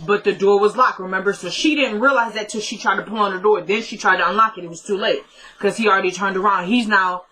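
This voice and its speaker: A young woman casually recapping a TV episode, telling it as an animated story and often laughing. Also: medium pitch, fast talker, low-quality recording.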